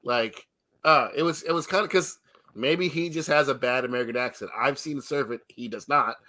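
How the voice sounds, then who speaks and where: Guy cohosting a movie podcast, laughs a lot, bright voice. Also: medium pitch, a little fast. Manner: joking, laughs often. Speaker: podcast co-host. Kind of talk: casual movie chat.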